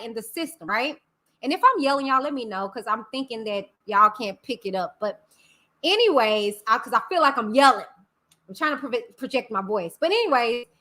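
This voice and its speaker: A bright, high-voiced woman hosts a livestream and chats casually, greeting viewers by name with long, affectionate hellos. She's picked up by a computer mic through streaming software.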